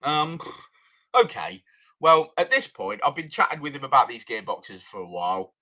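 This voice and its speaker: A man's voice: mid-range voice, sing-song, normal speed, pushed and bright. A middle-aged man, running a tuning shop, telling a story in a casual way and acting out both sides of the conversations.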